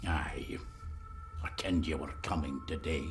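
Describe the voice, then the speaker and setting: Spooky old blind scottish groundskeeper, real low voice, slow and brooding, game character. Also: male voice, fairly even intonation, soft background music. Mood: ominous. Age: older. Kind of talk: video game voice acting.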